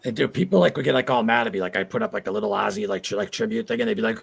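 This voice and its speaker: A man in his forties hosts a casual livestream chat, reading viewers' comments aloud in a rambling, heartfelt way. His voice is fairly low, gravelly and husky, animated and rapid-fire.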